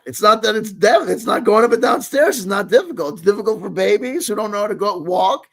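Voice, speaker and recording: A man's voice: high voice, vocal fry. A man in his late forties hosting a casual reaction commentary, rambling and swearing, constantly checking in with his listener. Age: 40s. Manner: rambling, profane, keeps asking "you know what I mean". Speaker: host.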